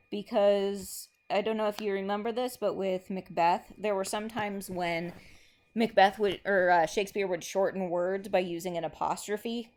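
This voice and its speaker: A woman teacher giving a relaxed recorded lesson, thinking aloud with lots of ums and stretching out lines of verse slowly. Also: lowish voice. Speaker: English teacher.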